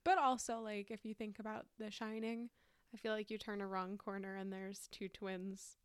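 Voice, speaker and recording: A woman's voice: mid-range voice, flat delivery, moderate pace, clean tone, no echo. A woman co-hosting a podcast in casual chat, easygoing and chatty, with amused reactions. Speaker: podcast co-host.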